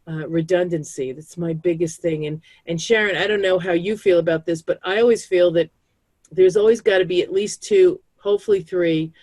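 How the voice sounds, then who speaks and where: A woman's voice: lowish voice, darkish tone, no room sound. A woman on a community call, giving chatty advice on pet care and acting out the voices of people she quotes. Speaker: pet disaster-planning speaker.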